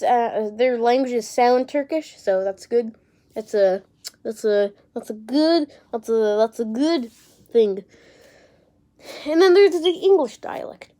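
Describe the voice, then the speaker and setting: High-voiced rambling young woman. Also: warm tone. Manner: rambling, unsure, swears casually. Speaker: vlogger. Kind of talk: casual rambling talk to camera.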